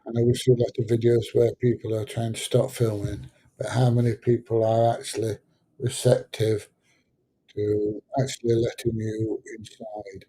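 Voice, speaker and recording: A man's voice: fairly low pitch, flat delivery, moderate pace, warm tone, slightly rough, low-quality recording. A middle-aged man, hosting a casual livestream chat, rambling and hesitant with lots of fillers. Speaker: livestream host answering chat.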